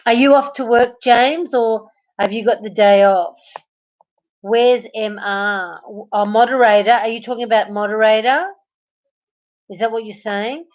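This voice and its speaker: A woman's voice: on the high side, fairly even intonation, unhurried, muffled recording. An Australian woman chatting on a live stream from her bed at night, greeting viewers and reading their comments aloud. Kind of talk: casual live-stream chat.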